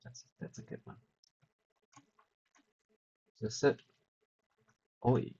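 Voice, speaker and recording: A man's voice: slow, a little mellow, lo-fi sound. A man live-streaming, giving wry, teasing commentary in a casual chat.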